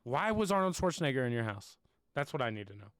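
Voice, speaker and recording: A man's voice: mid-range voice, very animated, quick pace, no echo. Brief: man, comedy podcast host, rambling banter, clean tone on a dry close mic. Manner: teasing, laughs often, rambling. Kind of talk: casual comedic chat.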